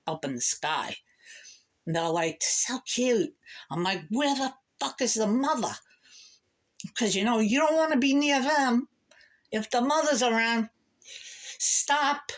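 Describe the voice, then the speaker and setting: A woman vlogging a rambling, profane monologue to camera, emphatic and animated. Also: on the low side.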